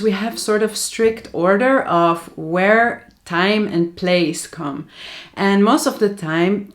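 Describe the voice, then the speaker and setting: A Dutch woman with a Dutch accent, a teacher patiently and methodically explaining grammar to learners. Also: medium pitch. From Netherlands.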